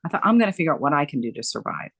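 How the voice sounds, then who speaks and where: A middle-aged woman speaking as an interview guest, her delivery animated and emphatic as she recounts events and leans on repetition. Her voice sits at an ordinary pitch for a woman. The sound is dry and close, with no room echo. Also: racing, creaky, husky. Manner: animated, emphatic, repeats phrases for effect. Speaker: guest, dementia care coach. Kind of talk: conversational interview storytelling.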